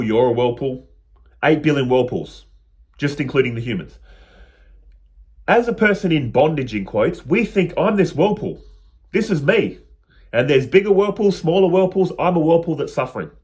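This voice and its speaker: A man's voice: mid-range voice, a little mellow. A man explaining spiritual teachings to his viewers in an earnest, personal, plain-spoken way.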